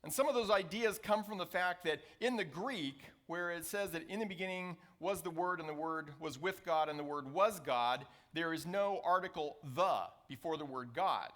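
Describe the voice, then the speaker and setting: A man preaching a sermon as a pastor, reading scripture aloud and slowing down to stress key phrases. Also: on the high side, fairly bright tone. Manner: reads scripture passages aloud.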